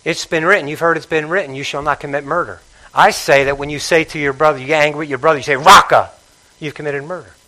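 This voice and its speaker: A man preaching from the pulpit in a church, his voice pitched high and ringing bright. He drives his points home by repeating them and keeps prodding the congregation to answer back. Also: steady tone, quick pace, poor audio. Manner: emphatic, repeats phrases, prods congregation for responses. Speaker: pastor. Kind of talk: sermon.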